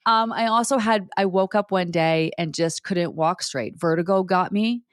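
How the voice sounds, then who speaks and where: A woman in her forties, a podcast guest, telling personal stories in a blunt, profane, animated way with frequent restarts. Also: fairly low pitch, moderate pace, no room sound, clean studio sound. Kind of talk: candid conversational storytelling.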